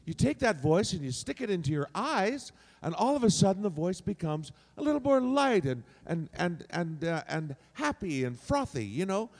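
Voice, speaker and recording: On a convention panel, a man teaches voice acting, freely shifting his voice placement to demonstrate as he explains. His voice is high-pitched and very animated, at a moderate pace with few pauses. A long hall reverb fills the recording.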